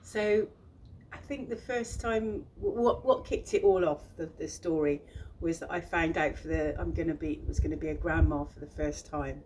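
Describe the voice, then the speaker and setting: A woman's voice: deep voice, moderate pace, darkish tone, a little hiss or hum. An older woman with a thick Bristolian accent, talking casually about her picture book, chatty and self-deprecating with frequent ums and restarts. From England. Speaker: children's book illustrator.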